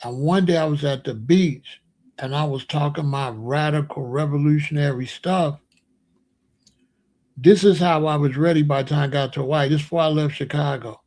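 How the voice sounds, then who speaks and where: A man's voice: on the high side, normal speed, a little mellow. A man hosting his own channel, telling a personal story in a casual, rambling, emphatic way. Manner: rambling, emphatic, breaks into laughs. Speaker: channel host.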